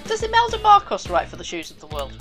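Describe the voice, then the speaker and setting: A woman's voice: very high-pitched, wildly swooping pitch, fast, a bit bright, soft background music. A woman playing a tabletop game, playful and joking. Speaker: player.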